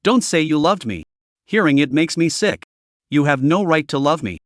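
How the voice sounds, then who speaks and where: A man's voice: a little high, sing-song, normal speed, no echo. Guy narrating as a crushed young woman, bitter and done with him, dry close audio. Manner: bitter, despairing.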